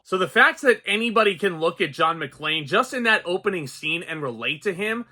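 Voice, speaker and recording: A young adult man giving an excitable, chatty movie review, addressing his viewers as guys. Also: a little high. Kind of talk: casual spoken movie review.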